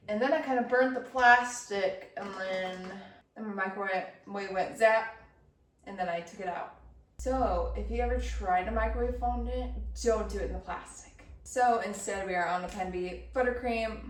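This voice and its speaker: A woman vlogging as she bakes, talking casually with a chatty, self-deprecating humor. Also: mid-range voice. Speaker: baking vlogger. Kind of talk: casual chat while baking. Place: cold kitchen. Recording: roomy, from a distance.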